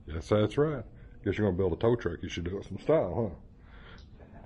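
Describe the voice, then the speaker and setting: A man's voice: on the low side, animated, fast talker, warm tone, husky, lo-fi sound. A man in his fifties giving a playful, joking walkthrough of a museum as a vlogger, talking casually as he goes. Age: 50s. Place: indoor museum hall.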